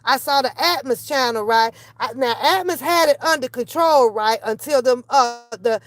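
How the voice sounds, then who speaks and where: A woman's voice: high-pitched, moderate pace, no room sound. A woman hosting a reaction channel, ranting in casual, profane commentary and mimicking the people she talks about. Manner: animated, profane, mimics others.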